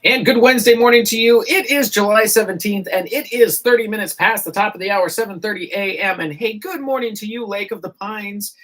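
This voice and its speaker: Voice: mid-range voice, brisk, hardly any pauses, a bit bright. A morning radio host chatting casually and reading out listener jokes with groans and chuckles at a studio microphone.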